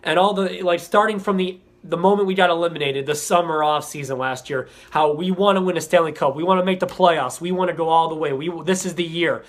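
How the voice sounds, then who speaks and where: Young male fan vlogger, frustrated rambling rant, cursing, a bit higher-pitched. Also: brisk, hardly any pauses, a bit bright. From Florida. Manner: frustrated, rambling, swears often.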